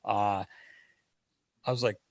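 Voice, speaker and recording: A man's voice: lowish voice, takes it slowly, vocal fry, no room sound. Man telling a story, dry sound. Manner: lively anecdotal storyteller acting out dialogue. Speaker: guest, hockey equipment manager. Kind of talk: casual storytelling in a podcast interview.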